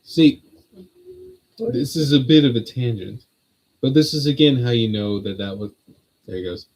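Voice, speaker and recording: A man's voice: medium pitch, normal speed, a little mellow, poor audio. A man at home hosting a casual on-camera religious teaching, full of joking, sardonic asides. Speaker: host of a Bible teaching channel.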